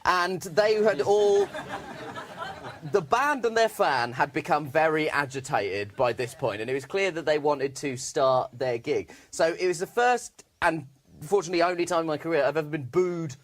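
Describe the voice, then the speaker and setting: A male comedian with a high voice spins an animated comic anecdote on a panel show. He talks in quick bursts and drives each punchline home. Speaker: stand-up comedian guest.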